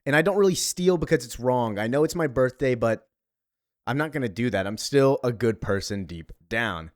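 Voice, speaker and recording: Drunk, halting young heroine, man voicing her, dry close sound. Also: mid-range voice, animated, dry recording, close to an everyday voice. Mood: tipsy. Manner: slurring, halting, repeats words. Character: drunk young superheroine, careless and rambling.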